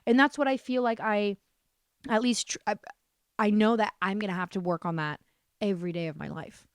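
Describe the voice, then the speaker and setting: A woman's voice: medium pitch, fairly quick, no room sound, clean studio sound. Blunt, swearing young woman podcaster. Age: 20s. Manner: blunt, swears freely, swings between deadpan and exasperated; rambling with many likes and restarts. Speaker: podcast host. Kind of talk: casual solo podcast monologue.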